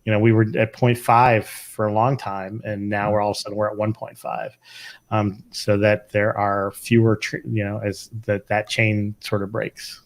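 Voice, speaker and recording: A man's voice: on the low side, level tone, moderate pace. A middle-aged man, an emergency physician co-hosting a casual podcast, talking thoughtfully with lots of fillers and restarts.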